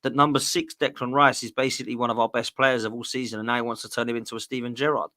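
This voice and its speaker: A man holding forth in a loose football chat. His voice has a bright, forceful edge. He rants with exasperated passion and drops a lot of slang. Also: mid-range voice, little pitch movement, rapid-fire. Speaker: guest co-host.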